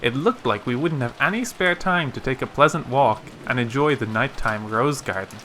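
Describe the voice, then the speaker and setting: A man reads a visual novel aloud in a steady storytelling voice. His tone is bright and clear at a middle pitch. He sounds like a let's play narrator. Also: normal speed, few pauses, a little hiss or hum.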